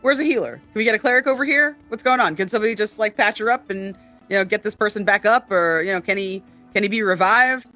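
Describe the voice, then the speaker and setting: A woman's voice: medium pitch, fast, pushed and bright, faint music behind, voice pushed up, natural voice. A woman voicing a sweet male forest gnome with a West Country accent and round vowels, calling out urgently. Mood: frantic. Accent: West Country English.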